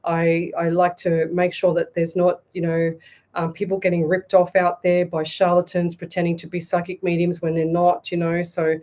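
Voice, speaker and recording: An Australian woman hosts a live online psychic show and reads viewers' comments aloud. Her voice is fairly low and mellow. She speaks bluntly and with passion, stumbling and restarting mid-sentence. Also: monotone, moderate pace. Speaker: psychic medium radio host. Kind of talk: live-streamed call-in reading show.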